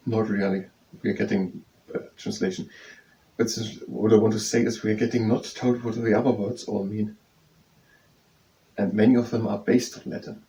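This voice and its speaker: Man slowly explaining a study text. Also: on the low side, little pitch movement, dark tone. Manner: slow, repetitive explaining, thinking aloud. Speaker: study tutor. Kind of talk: explaining lesson with yoga breaks. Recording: faint background noise, mic at a distance.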